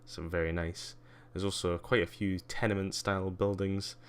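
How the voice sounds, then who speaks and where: Male streamer, very low pitch, smooth resonant tone, loose and chatty with frequent fillers and dry asides. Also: level tone, moderate pace. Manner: rambling, many ums and uhs, wry asides. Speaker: livestreamer. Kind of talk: casual live-stream commentary giving a tour.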